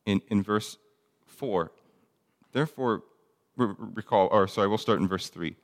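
Man, low voice, casual Bible teacher reading and explaining verses, reverberant hall. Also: unhurried. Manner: conversational, reads scripture aloud, frequent ums and restarts.

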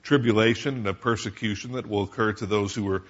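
A man's voice: on the low side, fairly even intonation, fast talker, lo-fi sound. A man preaching at a church service, easy and joking with the congregation. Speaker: pastor. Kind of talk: sermon.

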